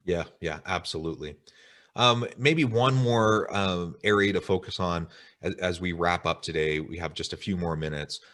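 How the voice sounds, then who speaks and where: A man's voice: sits low, moderate pace, a bit bright. A man hosting a webinar interview, talking in a reflective, wordy way with filler ums. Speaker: webinar host. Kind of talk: interview chat.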